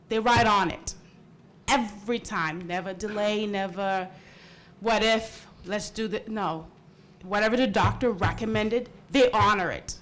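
A woman's voice: medium pitch, a little hiss or hum. A young woman speaking up as a parent at a public meeting, earnest and pressing. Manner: earnest, pressing, voice rising as she presses her point. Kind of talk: emotional unscripted public comment.

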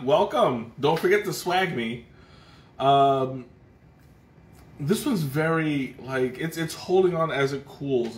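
A man hosting a casual live tea tasting, thinking aloud with frequent restarts and fillers. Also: mid-range voice. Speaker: livestream tea taster. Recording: roomy echo, faint background noise.

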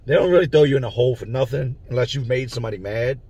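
A man's voice: medium pitch, expressive, very fast, dark tone, husky, no room sound. A man telling a story from his own prison time in a casual, slangy way, stopping to explain terms. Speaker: storyteller recounting prison life.

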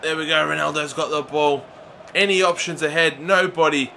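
Excitable young man shouting commentary. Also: on the high side, moderate pace, gravelly, slight background noise. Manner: excitable, often shouting at players. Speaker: gaming YouTuber. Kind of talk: excited video game commentary.

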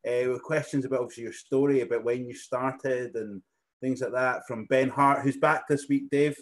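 A man's voice: mid-range voice, steady tone, normal speed. A man moderating a Q&A, talking casually and hesitantly with filler words. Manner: hesitant, repeats himself. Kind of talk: casual chat.

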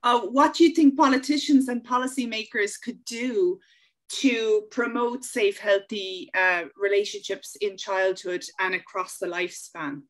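A woman hosting an interview, asking questions and affirming her guest in a measured way. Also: medium pitch, steady tone, low-quality recording. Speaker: interview host.

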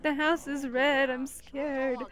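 High-voiced playful woman, slow teasing. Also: level tone, very noisy. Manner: playful, teasing, gleefully mischievous. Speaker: gameplay commentator. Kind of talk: casual game commentary. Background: game music.

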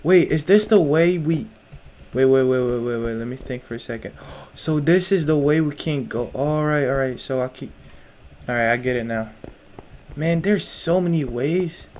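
A man's voice: mid-range voice, normal speed, a little mellow, slight background noise. A young man playing a horror game, jumpy and nervous, talking to himself in casual slang. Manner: casual slang, lots of "bro". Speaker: gamer. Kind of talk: horror game let's play.

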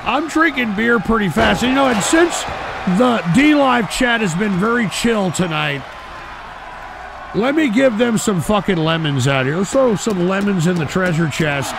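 Profane, shouting male streamer, high gravelly voice. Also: expressive, normal speed, noisy background. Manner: profane, exasperated, shouting often. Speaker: live-stream host. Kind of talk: live-stream commentary rant. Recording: stream with loud music and crowd behind.

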